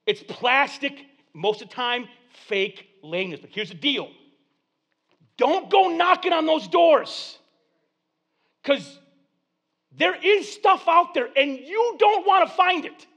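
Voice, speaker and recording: A man's voice: very high-pitched, slow. A man from Flint, Michigan preaching a sermon, telling stories and acting out voices. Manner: animated storytelling, acting out voices. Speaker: pastor.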